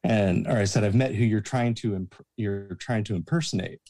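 A man's voice: fairly low pitch, moderate pace. A man casually telling a backstage anecdote, acting out the people he quotes. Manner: animated anecdote teller, acts out quoted voices. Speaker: guest, former promoter's assistant. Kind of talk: casual storytelling.

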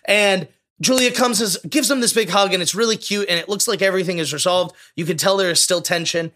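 A man with a high, bright, sharp voice chats casually as a podcast co-host. He gushes and gets openly emotional, piling on feeling. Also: brisk. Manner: effusive, emotional, gushing. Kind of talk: casual movie discussion.

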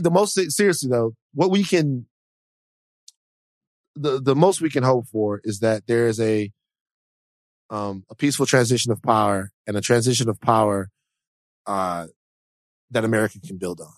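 A man co-hosting a podcast, talking casually and emphatically about politics and faith, slow and preachy at times. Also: mid-range voice, dry recording. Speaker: podcast co-host.

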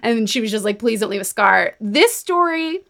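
Chatty woman host with a higher voice. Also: moderate pace, vocal fry. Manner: chatty, animated storytelling with laughs and quoted voices. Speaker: podcast host. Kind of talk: casual chat recapping a book.

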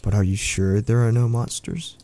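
A man voicing an ancient, sinister clawed monster who speaks in a slow, menacing way. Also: lowish voice, steady tone, noisy background, close to an everyday voice.

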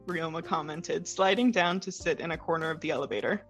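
A woman's voice: fairly low pitch, animated, brisk, a bit bright, soft background music. A young woman reading a story aloud in a casual, easygoing way. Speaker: co-host reading fanfic.

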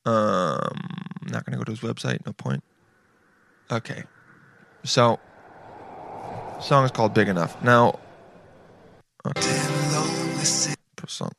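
Unhurried and creaky, with frequent pauses, this medium-pitched, fairly bright voice comes from a laid-back late-twenties video reactor. He swears a lot and says "dude" constantly while music plays behind him.

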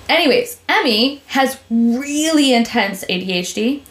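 A young woman hosting a podcast in casual chat, telling animated stories with swearing and frequent laughter. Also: on the low side. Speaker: podcast host.

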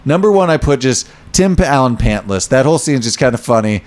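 A man's voice: mid-range voice, fairly quick. A man co-hosting a casual podcast about a movie, quoting lines from it. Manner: animated, quotes lines in put-on voices. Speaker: podcast co-host.

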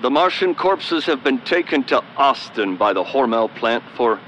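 A man's voice: mid-range voice, lively intonation, moderate pace, fairly bright tone, a little hiss or hum. A man acting in a comic radio drama with a matter-of-fact delivery. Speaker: radio theater actor.

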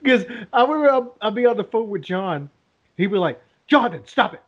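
High-voiced man, laughing storyteller. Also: expressive, a little fast, lo-fi sound. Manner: laughs through his stories. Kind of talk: casual chat.

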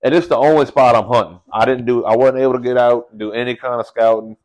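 A man telling a story in casual podcast chat, animated and slangy, calling people bro and dude. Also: medium pitch, fast.

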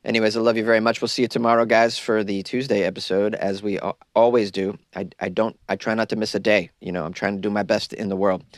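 A man's voice: on the low side, little pitch movement, fast talker, hardly any pauses, no echo. Chatty man in a dry closet. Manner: loose, rambling, self-deprecating. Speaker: podcast host. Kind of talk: casual solo podcast chat. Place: small closet.

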